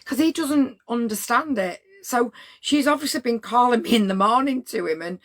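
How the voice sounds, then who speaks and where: A woman's voice: fairly high pitch, normal speed. A middle-aged woman, telling a story to her livestream chat in a blunt, rambling way with plenty of swearing.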